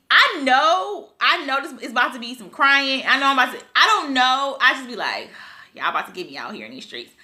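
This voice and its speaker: Tearful, high, bright-voiced woman vlogger. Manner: tearful, rambling, laughs through tears. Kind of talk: emotional personal storytelling.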